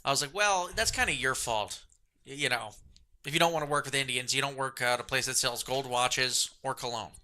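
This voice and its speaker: A man's voice: mid-range voice, a little fast, pushed and bright. A man co-hosting a comedy podcast, sarcastic and profane in casual banter. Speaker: podcast co-host.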